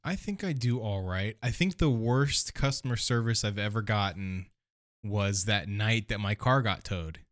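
A man's voice: lowish voice, measured pace, no room sound, studio quality. A man in casual chat, listening closely and adding short acknowledgments.

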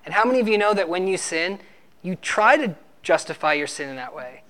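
A man's voice: high voice, expressive, a little fast. A man preaching a sermon, arguing emphatically and teaching with rhetorical questions.

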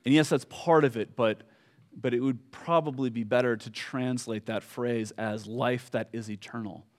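A man preaching a sermon, telling a story slowly with fillers and pauses, dropping soft at solemn moments. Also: mid-range voice, steady tone. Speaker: pastor.

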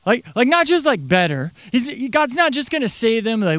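A man's voice: very high voice, very animated, unhurried, hardly any pauses, fairly bright tone, no echo. A young man preaching a casual, conversational sermon as a pastor, full of fillers and acted-out quotes. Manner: chatty, uses many fillers, acts out quotes in character voices.

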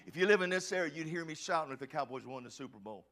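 A man preaching a passionate sermon as a pastor, often shouting and stumbling over restarts. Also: a little high, expressive, racing.

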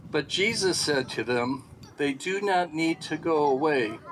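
A man's voice: fairly high pitch, expressive, unhurried, fairly bright tone, a little hiss or hum, poor audio. Man teaching a Bible lesson. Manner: reads scripture aloud then explains it, asks rhetorical questions.

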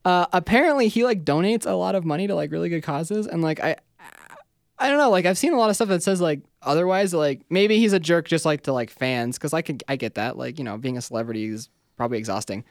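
A man chatting on a podcast, his voice a little higher than most and swinging freely up and down as he talks. He laughs often and scatters "like" through his sentences. The sound is close and dry, with no room around it. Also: fast talker, gravelly, dry recording. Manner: animated, laughs often, heavy use of "like". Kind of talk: casual chat.

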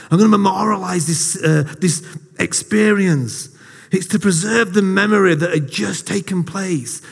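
A man's voice: sits high, vocal fry, slightly rough. Joking man preaching in a reverberant hall. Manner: jokey, self-deprecating storyteller. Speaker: lay preacher. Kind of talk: casual sermon to a congregation.

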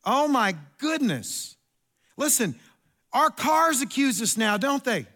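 A middle-aged man, preaching a sermon in an animated, storytelling way with asides and repeats. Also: very high voice, slow pace. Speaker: pastor.

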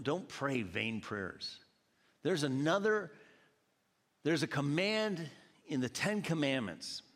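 A man from Georgia delivers a sermon in a church hall, shifting into animated storytelling with voiced quotes. His voice sits at an ordinary middle pitch. A long reverb from the hall trails after each phrase. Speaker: pastor.

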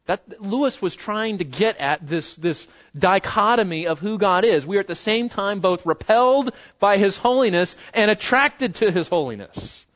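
Emphatic high-voiced male preacher, lo-fi. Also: lively intonation, normal speed, hardly any pauses, fairly bright tone. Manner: emphatic, rising and dropping to near murmurs, rhetorical questions. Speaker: pastor. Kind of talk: expository sermon.

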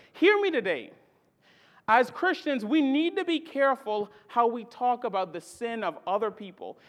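Preacher, high voice, very lively pitch, emphatic sermon delivery, repeats key phrases, loud then hushed. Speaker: pastor.

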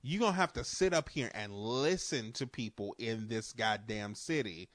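A man's voice: fairly low pitch, moderate pace, a bit bright, no echo. A man co-hosting a casual chat, who lives in a port city and talks with frequent laughs, restarts and casual swearing. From New Orleans area. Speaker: podcast co-host.

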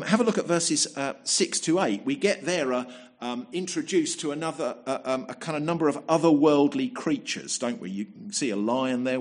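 A man preaching a sermon in a conversational manner, often asking rhetorical tag questions and repeating words as he restarts. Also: fairly high pitch.

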